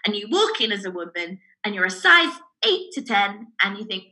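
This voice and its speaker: A woman who works as a bra fitter, telling animated stories in a casual podcast chat. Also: medium pitch, brisk, low-quality recording. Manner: animated storyteller who acts out customers' voices.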